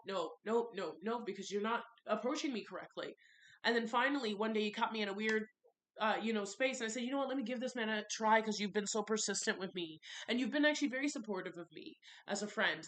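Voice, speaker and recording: A woman's voice: on the high side, a bit bright. A young woman tells a confessional vlog story with frank frustration. She rants and piles up repeated phrases to hammer her point home. She sounds like she is talking casually to her followers. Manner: candid, frustrated, ranting, repeats for emphasis. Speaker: vlogger.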